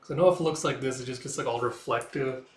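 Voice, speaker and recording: A man's voice: mid-range voice, quick pace, a little hiss or hum. A man casually narrating his read-through of a comic, laughing and swearing freely, in a room at home. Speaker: comic book reviewer. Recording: roomy echo.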